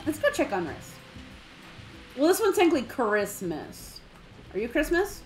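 High, lively, giggly woman gamer. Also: moderate pace, long pauses, soft background music. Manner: giggly, playful, chatty with swings of excitement. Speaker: game streamer. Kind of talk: casual let's-play commentary.

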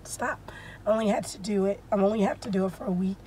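A woman vlogging casually from her car while hoarse and losing her voice, her strained speech breaking into whispers. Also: medium pitch, steady tone, quick pace, warm tone, a little hiss or hum. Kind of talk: casual vlog.

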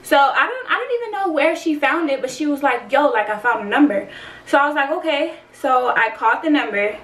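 A young woman in her twenties is telling a raw personal storytime, candid and slangy, with a fair amount of swearing. Her voice sits a little high, and she sounds a bit far from the mic in a roomy, echoey space. A faint hum of background noise runs underneath. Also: animated, brisk, a bit bright. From San Antonio, Texas. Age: 20s. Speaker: vlogger. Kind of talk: storytime vlog.

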